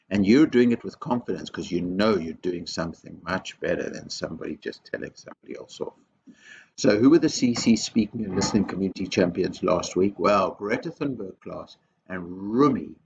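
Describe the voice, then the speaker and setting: Man, headteacher, school assembly talk, emphatic and questioning, deep voice, muffled lo-fi recording. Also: expressive, moderate pace, vocal fry, darkish tone. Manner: emphatic and teacherly, repeats key words, asks many questions. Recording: dull lo-fi video recording with faint background noise.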